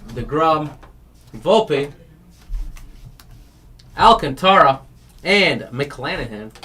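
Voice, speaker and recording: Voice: medium pitch, fairly bright tone. Chatty card break host who rambles and laughs, then rattles off player names, mid-range voice. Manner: laughs at its own stories. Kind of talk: casual chat while opening card packs on a stream.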